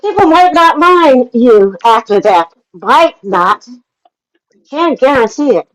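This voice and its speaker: 70s woman, somewhat high voice, lecturing and condescending on a livestream panel argument. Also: lively intonation, slow, rough recording. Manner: scolding, condescending, talks over others.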